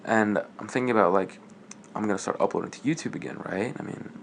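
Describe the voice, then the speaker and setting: A teenage guy rambling through a story for his gaming channel, leaning on filler words and voicing the other people in it. His voice sits low and gravelly, with a faint hiss of noise behind it. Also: quick pace. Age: teens. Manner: rambling, filler-heavy, acts out dialogue. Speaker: gaming YouTuber. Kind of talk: casual storytelling vlog.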